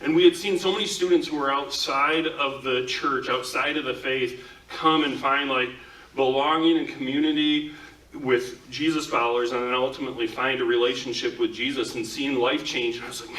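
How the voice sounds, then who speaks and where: A man's voice: mid-range voice, steady tone, moderate pace, pushed and bright, distant mic. A man preaching a conversational sermon as a pastor, talking casually with many "like" fillers. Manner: casual, talks with frequent "like" fillers. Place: church. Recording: echoey room, speaker away from mic.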